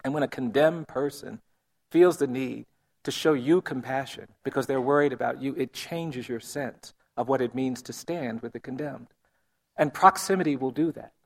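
Gravelly earnest man telling a story. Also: mid-range voice. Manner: earnest, measured, often quiet. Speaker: speaker telling a personal story. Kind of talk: storytelling talk.

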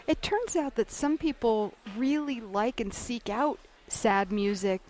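A woman hosting a radio interview, asking measured, clear questions. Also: fairly high pitch, animated, darkish tone, slight background noise.

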